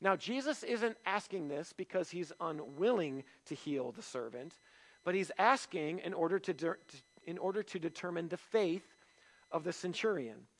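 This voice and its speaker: High-voiced pastor preaching conversationally. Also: male voice, animated, moderate pace, a bit bright, rough recording. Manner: conversational preaching with rhetorical questions and self-deprecating humor. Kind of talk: sermon. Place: church.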